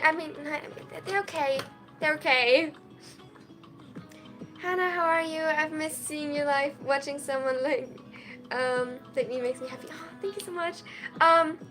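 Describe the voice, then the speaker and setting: A young adult woman with a high voice chats casually on a live stream from a small dorm room, reading and answering chat messages. She sounds excitable yet tired, clearly sleep-deprived.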